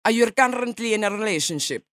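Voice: medium pitch, lively intonation, quick pace, fairly bright tone, no echo, voice pushed up, close to an everyday voice. A radio host putting on a pushy fake Russian gossip reporter. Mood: accusing. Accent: put-on Russian. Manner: brash, prying, mocking questions. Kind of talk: prank call.

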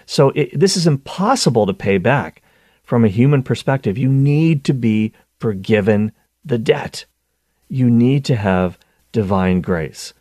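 A man hosting a show, giving a conversational teaching talk on scripture, animated and full of restarts. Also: medium pitch, a little slow, no echo, clean studio sound. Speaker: Catholic teacher and show host.

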